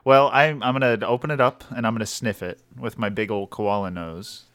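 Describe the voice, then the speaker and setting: A man's voice: on the low side, fairly even intonation, brisk, fairly bright tone, clean tone, no echo, clean studio sound. A man playing a tabletop role-playing game, laughing often and stumbling over words. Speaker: player.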